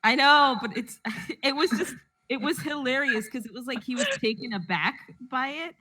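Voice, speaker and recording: A woman on a casual livestream call, telling lively stories and acting out the voices of the people in them. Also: high voice, normal speed, a crowd in the background. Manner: animated storyteller, acts out quoted voices. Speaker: guest artist.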